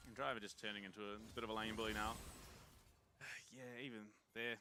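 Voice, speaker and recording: A man's voice: on the low side, steady tone, fairly quick, bright, forceful tone. A man giving analytical color commentary on a game match, citing stats with frequent fillers. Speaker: esports color caster.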